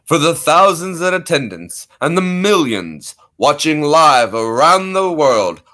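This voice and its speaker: A man putting on a hyped, drawn-out radio and ring announcer voice. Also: a little high, big pitch swings, sharp tone, voice pushed up, full character voice. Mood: hyped announcing.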